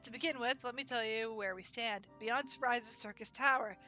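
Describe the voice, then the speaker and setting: A woman's voice: a little high, pushed and bright, faint music behind. Game NPC dialogue, read by a woman. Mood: matter-of-fact. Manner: plain unhurried read-aloud.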